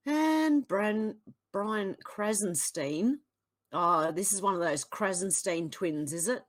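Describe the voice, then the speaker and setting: An Australian woman talking straight to camera as a political vlogger, blunt and exasperated. She reads posts aloud, then cuts in with scathing asides, her voice sitting at an ordinary middle pitch. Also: lively intonation, slow pace. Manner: exasperated, blunt, swings between sighs and outbursts. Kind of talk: reading posts aloud and reacting.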